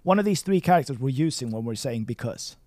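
A man's voice: medium pitch, expressive, fast talker, darkish tone, no echo. A man from Sweden tutoring Chinese in a casual lesson, encouraging and playful, praising his student often. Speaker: language tutor.

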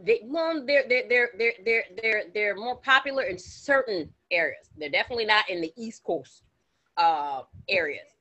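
A woman's voice: mid-range voice, lively intonation, normal speed, pushed and bright, dull audio. A woman co-hosting a casual podcast, rambling and restarting her sentences often. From grew up partly in Florida. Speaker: podcast co-host. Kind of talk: casual chat.

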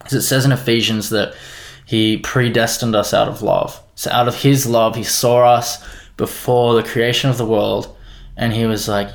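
Earnest young man with gravelly voice. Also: medium pitch, little pitch movement, normal speed. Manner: earnest, rambling, heavy use of "like" and "you know". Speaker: guest sharing faith testimony. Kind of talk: casual faith testimony chat.

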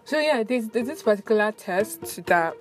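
A young woman with a Nigerian accent chatting in a casual vlog, animated and laughing often as she tells stories. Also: a little high, normal speed. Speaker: vlogger. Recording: music playing underneath. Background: background music.

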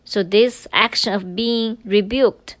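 A woman's voice: mid-range voice, steady tone, takes it slowly, no echo. A woman teacher explaining grammar patiently in a recorded language lesson, moving between English and Chinese.

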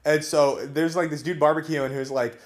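A fairly high-voiced man chats casually on a podcast, retelling a movie scene by scene. He slips into quick voices for the characters as he goes. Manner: animated, acts out characters in quick put-on voices. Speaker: podcast co-host. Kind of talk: casual chat recapping a movie. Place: in person, indoors.

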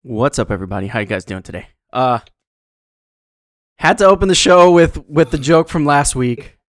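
A young man co-hosting a podcast in a relaxed, rambling chat. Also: medium pitch, moderate pace, no echo, studio quality. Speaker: podcast co-host. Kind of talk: casual chat.

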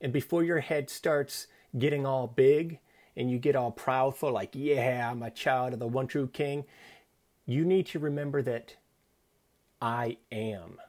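A man's voice: mid-range voice, measured pace, a little mellow. Earnest man giving a devotional talk. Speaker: Christian speaker.

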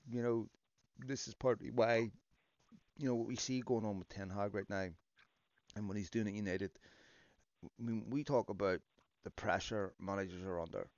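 A man's voice: on the low side, fairly even intonation, normal speed, darkish tone, no room sound. A man hosting a casual football chat, building his points in long runs. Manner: talks in long arguing runs. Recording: dull lo-fi dry sound.

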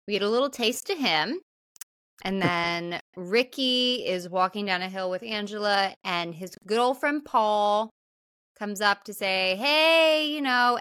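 A woman's voice: mid-range voice, a bit bright, smooth, no room sound. Woman podcast co-host, casual chatty recap voice, very dry close sound. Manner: chatty, many fillers, swearing. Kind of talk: casual movie recap chat.

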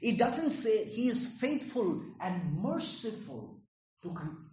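A man's voice: high-pitched, big pitch swings, slow, a little mellow, reverberant, poor audio. A man preaching a sermon in an earnest way, often asking the audience questions and repeating his words.

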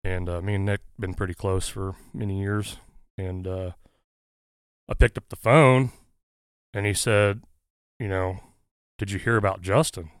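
Guy, kinda low voice, talks in a halting way with lots of uhs, dry close sound. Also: steady tone, clear, resonant tone, dry recording. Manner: halting, many "uh" fillers, earnest. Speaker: guest, firefighter. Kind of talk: casual conversational storytelling.

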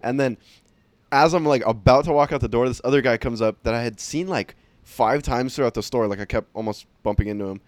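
A man's voice: mid-range voice, a little fast, no room sound. A young man telling stories in casual chat, rambling with lots of fillers and swearing.

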